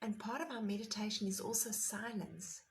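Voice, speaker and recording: A woman meditation teacher giving a guided meditation talk, gentle and unhurried, sometimes easing into soft whispers. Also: medium pitch, vocal fry, slight background noise, rough recording.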